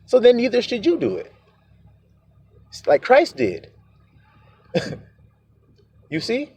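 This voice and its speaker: A man preaching a sermon, animated, acting out quoted voices as he goes. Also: very high voice, takes it slowly, slightly rough.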